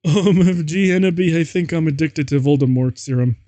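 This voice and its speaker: A man's voice: on the high side, a little fast, warm tone, dry recording, voice pushed up, lightly acted. A man voicing a whiny, tearful gothic woman teacher.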